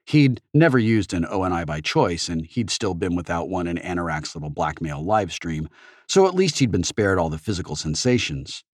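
A man narrating an audiobook in the first person with expressive storytelling. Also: deep voice, moderate pace, no echo, clean studio sound.

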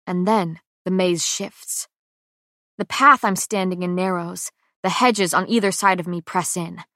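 A woman reads a first-person audiobook in a tense, dramatic manner, often dropping to hushed lines. Her voice sits at an ordinary middle pitch. The booth recording is close-miked and completely dry, with no room sound. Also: no room sound. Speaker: audiobook narrator.

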